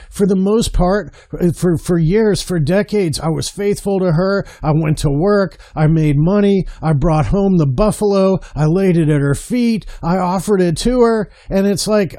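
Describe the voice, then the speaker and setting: A man's voice: sits high, unhurried, hardly any pauses, dark tone. A middle-aged man preaching passionately to men about marriage, stressing and repeating his words and calling listeners brother. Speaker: men's marriage speaker. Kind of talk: impassioned sermon-style address to men.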